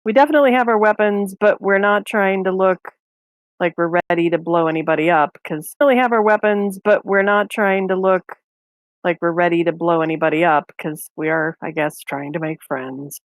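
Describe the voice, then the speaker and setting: A woman's voice: lowish voice, moderate pace, no echo. A woman chatting casually as a player in a tabletop game.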